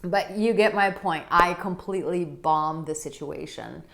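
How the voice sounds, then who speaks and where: A woman dating coach talking straight to her viewers, chatty and animated as she tells a personal story. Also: on the low side, a little slow, vocal fry. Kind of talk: direct-to-camera advice vlog.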